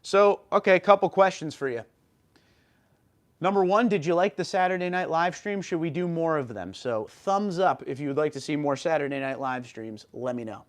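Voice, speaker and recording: A man's voice: a little high, moderate pace. Upbeat man reading viewer comments. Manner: upbeat, reads out comments and answers them. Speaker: livestream host. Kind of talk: casual livestream chat reading viewer comments.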